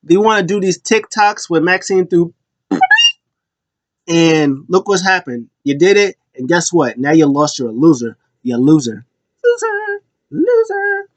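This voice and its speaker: A man mimicking a fed-up woman wrestler who scolds and taunts her partner in a shrill voice. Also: very animated, measured pace. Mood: taunting.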